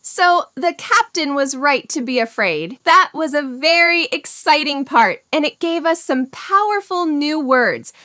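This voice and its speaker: A woman teaching English in a scripted lesson, speaking slowly, clearly and encouragingly. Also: high voice, animated, pushed and bright, dry recording, studio quality.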